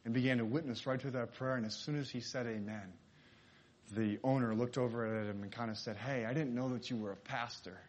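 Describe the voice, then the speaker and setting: A man at a middle pitch preaches through a story. He voices each character's lines as he tells it, in a sermon style. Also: steady tone, a little fast.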